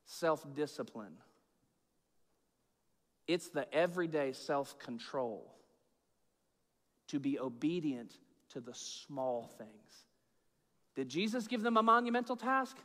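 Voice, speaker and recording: High bright-voiced guy preaching, goes loud then hushed, echoey church hall. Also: very animated, slow pace, pauses often. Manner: swings from loud emphatic bursts to low hushed asides; informal, chatty preaching with fillers and repeats. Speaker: pastor. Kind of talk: sermon. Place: church sanctuary with long reverb.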